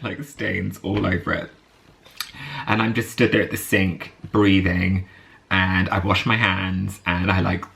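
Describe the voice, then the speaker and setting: Gravelly, bright-voiced British man rambling. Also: lowish voice. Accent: British English. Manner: chatty, laughing often, many fillers and restarts. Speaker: vlogger. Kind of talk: rambling storytelling to camera.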